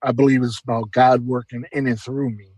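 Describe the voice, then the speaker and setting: A man's voice: mid-range voice, little pitch movement, brisk, a little mellow, no echo, poor audio. A middle-aged man giving an emotional, earnest personal testimony as a podcast guest, often repeating words.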